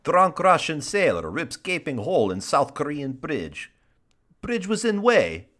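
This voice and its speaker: A man's voice: a little high, wildly swooping pitch, unhurried, fairly bright tone, pitched above the performer's own voice, full character voice. A man putting on a hammy mock Russian accent. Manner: hammy, over-the-top news reading.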